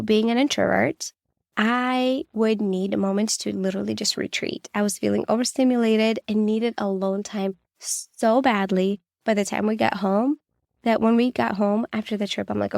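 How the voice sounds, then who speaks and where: A woman in her thirties tells personal stories on her podcast, candid and reassuring, with "like" scattered through her speech. Her voice has a gravelly, fried edge. The recording is dry and close, with no room sound. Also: a little high, a little mellow, no echo. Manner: candid, reassuring, with many "like" fillers. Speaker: podcast host.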